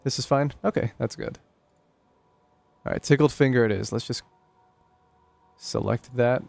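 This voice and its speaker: A man's voice: medium pitch, a little slow, creaky, darkish tone, faint music behind. Chatty young male game streamer. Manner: chatty, jokey, thinking aloud. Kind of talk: casual live game commentary.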